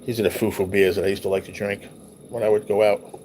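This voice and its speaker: A man's voice: lowish voice, little pitch movement, quick pace, darkish tone, slight background noise. A man hosting a livestream, reminiscing casually over old photos in a loose, rambling, profane way. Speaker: livestream host.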